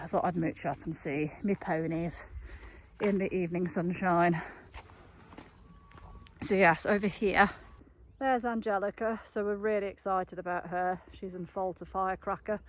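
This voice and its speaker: A woman's voice: fairly low pitch, normal speed, slight background noise. A woman, chatting casually in a vlog as she walks her horse fields outdoors in the evening. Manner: chatty and upbeat, coos at the horses. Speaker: equestrian yard owner and riding coach. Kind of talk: casual walking vlog chat.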